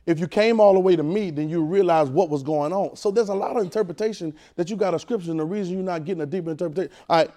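A man's voice: high-pitched, racing, hardly any pauses, mellow. A man preacher teaching a Bible class, repeating phrases and pulling call-and-response answers from the room.

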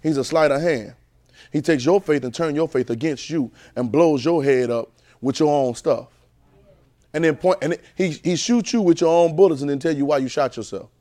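Male preacher, sermon, emphatic, repeats himself, shouts then quiet asides, fairly high voice. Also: normal speed, dry recording. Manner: colloquial, rhetorical questions to the congregation.

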